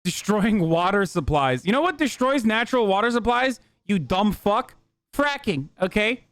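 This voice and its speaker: A male streamer tears into a clip with scornful, profanity-laced sarcasm. His voice sits fairly high and sounds smooth and clean, recorded close and dry. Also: very animated, moderate pace, fairly bright tone, dry recording. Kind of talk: heated reaction commentary.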